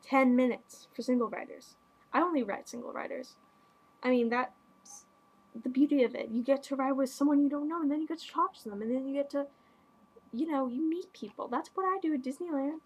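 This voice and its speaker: A teenage girl hosting a casual podcast, bubbly and gushing with quick asides. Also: high-pitched, low-quality recording. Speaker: podcast host. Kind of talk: casual chat.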